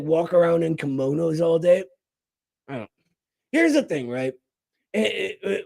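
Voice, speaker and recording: A man's voice: high voice, creaky, darkish tone, breathy edge. A man hosting a show, delivering a mock-outraged comedic rant full of sarcastic asides. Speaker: show host.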